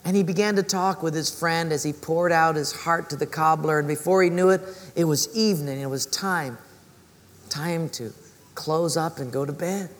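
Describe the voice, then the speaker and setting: A male preacher telling a story in a sermon, animated and acting out voices. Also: a little high, normal speed. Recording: reverberant hall.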